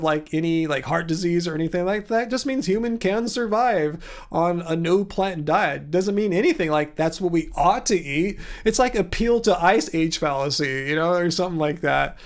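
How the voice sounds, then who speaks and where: Man, livestream host, fairly high voice, sarcastic, incredulous, rambling with fillers, casual chat.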